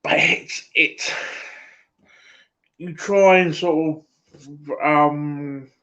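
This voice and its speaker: A man with an Essex accent chatting casually on a live stream, rambling and halting, full of fillers and calling everyone mate. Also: a little high, steady tone, bright, forceful tone, low-quality recording. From England. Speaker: livestream host.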